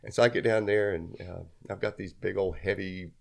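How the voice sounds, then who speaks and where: A man's voice: low-pitched, steady tone, moderate pace, gravelly. A middle-aged man telling a long personal story in casual chat, rambling and laughing at himself. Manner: rambling, self-deprecating, laughs often.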